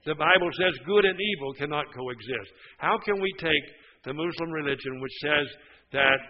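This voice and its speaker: An older man with a drawl preaches in a folksy, emphatic way, pressing his listeners with question after question. His voice sits fairly high for a man. The recording is dull and lo-fi. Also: moderate pace. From West Virginia. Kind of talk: sermon.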